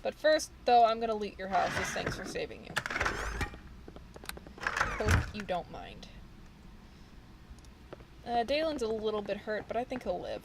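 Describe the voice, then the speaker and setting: A woman gives casual, playful gameplay commentary at an ordinary middle pitch. A faint background hum sits behind her voice. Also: very animated, unhurried, gravelly, pauses often. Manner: playful, chatty, reads game text aloud. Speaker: let's play host.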